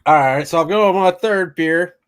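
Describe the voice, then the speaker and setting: A man, co-hosting a casual chat, easygoing and quick to laugh. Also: a little high, clean tone. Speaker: co-host.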